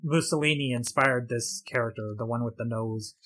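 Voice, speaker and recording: A man co-hosting a podcast, giving casual film commentary in a rambling, halting way with quick laughs. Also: mid-range voice, fairly bright tone. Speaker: podcast co-host.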